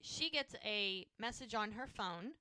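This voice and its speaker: A woman's voice: mid-range voice, expressive, a little slow, bright, forceful tone, clear, resonant tone, dry recording, clean studio sound. A woman co-hosting a podcast, retelling TV scenes in casual chat and quoting the characters' lines. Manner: retells scenes with quoted dialogue. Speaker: podcast co-host.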